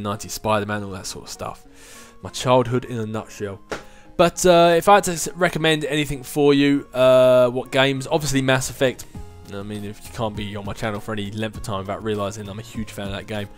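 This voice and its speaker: A man in his twenties hosting a casual video Q&A, chatting in a rambling way with frequent restarts and laughs. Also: medium pitch. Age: 20s. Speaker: YouTube channel host answering viewer questions. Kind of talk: casual chat.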